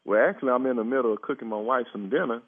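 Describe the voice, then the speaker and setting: A man's voice: mid-range voice, racing, no echo. A man taking a prank phone call, exasperated and often breaking into laughter. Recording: tinny phone line.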